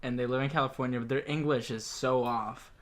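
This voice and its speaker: A man's voice: mid-range voice, steady tone, fairly quick. A young man co-hosting a casual podcast chat, giggling as he reads messages aloud with amused asides. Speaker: podcast co-host.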